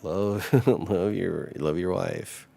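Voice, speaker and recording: A married man casually reading scripture and reflecting on it in a relaxed, rambling way, often restarting and laughing softly. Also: low-pitched, takes it slowly, gravelly, dry recording. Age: adult married man. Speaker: Bible study vlogger.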